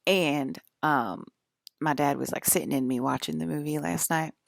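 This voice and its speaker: A woman's voice: low-pitched, fairly even intonation, normal speed, gravelly, no room sound, studio quality. A woman in her forties talking casually to camera in a loose, rambling monologue, full of fillers and repeated "okay?" checks. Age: 40s. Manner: rambling, filler-heavy, keeps asking "okay?". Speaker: channel host.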